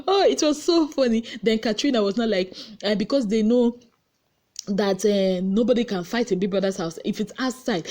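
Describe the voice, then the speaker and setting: A Nigerian woman recapping reality-show gossip late at night, tired but lively, acting out what people said. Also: normal speed. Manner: animated storyteller, acting out quotes with big pitch jumps. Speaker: gossip vlogger. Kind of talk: casual chatty recap. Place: her room at home.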